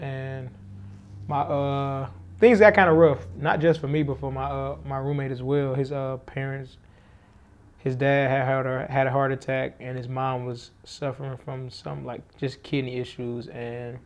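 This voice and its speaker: A young man in a documentary interview, talking lively and repeating words as he gets going. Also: medium pitch, moderate pace.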